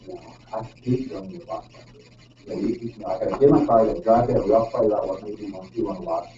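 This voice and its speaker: A man's voice: fairly low pitch, racing, mellow. Man presenting in an echoey room. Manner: casual, full of ums and frequent "right?" tag questions. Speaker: presenter at a user group meeting. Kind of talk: technical presentation to a live audience. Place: meeting room. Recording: roomy, distant, dull sound with faint noise.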